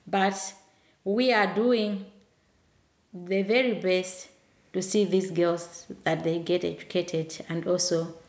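A woman's voice: on the low side, takes it slowly. Earnest woman in a roomy space. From Malawi. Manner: earnest, animated storytelling. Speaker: charity worker guest. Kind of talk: casual conversation. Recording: roomy echo.

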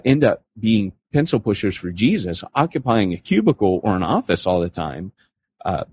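Man, podcast co-host, casual animated storytelling, deep voice, lively pitch, muffled lo-fi sound. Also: husky, no room sound. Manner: animated, slips into acted voices for the people he quotes. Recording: dull lo-fi podcast audio.

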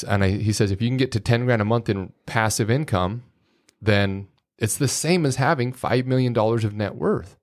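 A middle-aged man, a podcast guest, telling rambling, folksy anecdotes full of quoted dialogue in a casual way. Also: on the low side. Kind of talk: casual storytelling.

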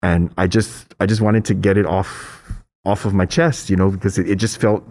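A middle-aged man telling a personal story in casual chat, hesitant with restarts, then animated as he acts out voices. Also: moderate pace. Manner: animated storyteller, acts out quoted voices with high pitch jumps; hesitant, many restarts and fillers.

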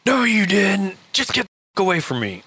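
A man voicing an angry older biker who shouts, swears and threatens as he retells a roadside run-in. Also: sits high, very animated, moderate pace, slightly rough, voice pushed up, full character voice. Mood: furious. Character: furious older male biker, cursing and threatening.

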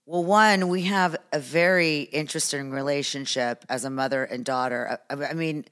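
A woman's voice: sits low, moderate pace, a bit bright. Playful fifty-something woman hosting a podcast. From United States. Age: 50s. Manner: playful, laughs often. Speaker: podcast host, comedian. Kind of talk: casual chat.

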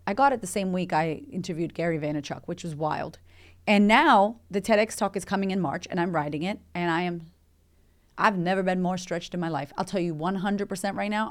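A woman, hosting a motivational podcast in a candid, emphatic, chatty way with swearing. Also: fairly low pitch. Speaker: podcast host and coach.

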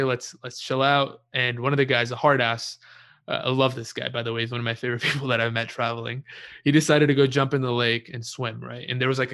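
Young man, bright tone, casual storyteller, relaxed and profane, laughs at himself. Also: mid-range voice. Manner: relaxed, swears freely, laughs at his own story. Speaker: guest telling a story.

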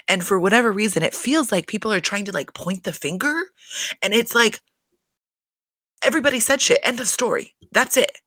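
A woman recapping a reality show in casual, animated chat, swearing freely and laughing often. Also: medium pitch, no room sound. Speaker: reality TV commentator.

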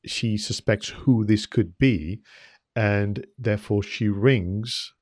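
A man with a low voice co-hosts a film podcast and talks in a measured way, often pausing on "uh" and "um." The recording is dry, with no room sound. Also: darkish tone, no echo. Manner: measured, with many ums and uhs. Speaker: podcast co-host. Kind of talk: casual film review chat.

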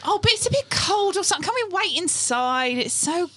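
A woman voicing a brash young hacker with a put-on Cockney accent, loud and rambling. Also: extremely high pitch, expressive, fairly quick, slight background noise, pitched above the performer's own voice. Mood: wheedling.

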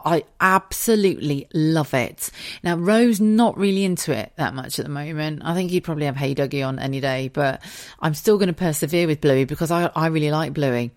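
A woman's voice: low voice, darkish tone, no echo, clean studio sound. A young mother chatting casually, laughing often and swearing freely. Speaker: podcast host, parent. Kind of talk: casual chat.

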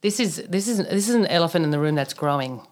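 A woman co-hosting a casual podcast, a practitioner who tells client stories in an animated, blunt way with mild swearing. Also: lowish voice, quick pace. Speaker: naturopath, podcast co-host.

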